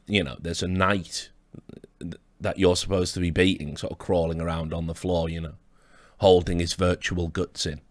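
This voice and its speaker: A man's voice: fairly low pitch, fairly bright tone, dry recording. A man hosting a livestream, mocking and rambling in a dry, sardonic way with chuckles. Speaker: livestream host.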